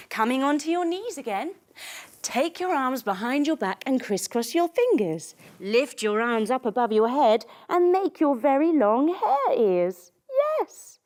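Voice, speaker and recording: Speaking a little high, a woman leads children through yoga by way of a bedtime story. Her instructions are gentle, playful and coaxing.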